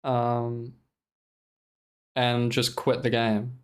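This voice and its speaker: A man streaming and commenting casually, talking in an animated, profane, exasperated rant while reacting to gameplay. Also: mid-range voice, extremely slow, a little hiss or hum.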